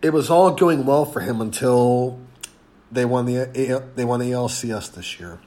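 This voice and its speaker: Congested and nearly losing his voice, a man hosts a sports podcast, talking casually with frequent ums and restarts. He speaks at a medium pitch and moderate pace with a dark tone.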